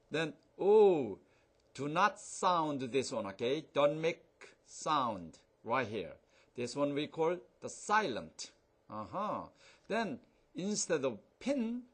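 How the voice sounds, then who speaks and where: A male teacher drills phonics words one by one, very slow and deliberate. His pitch jumps up and down a lot as he coaxes the learners along. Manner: slow, repeats words, drawn-out examples. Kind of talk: English phonics lesson.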